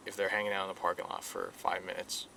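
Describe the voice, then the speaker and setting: Young male guest, earnest, low-ish voice, faint hiss. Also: flat delivery, fast talker, vocal fry, bright, forceful tone. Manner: earnest, repeats himself with many fillers. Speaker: guest, police recruit. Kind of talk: casual podcast interview.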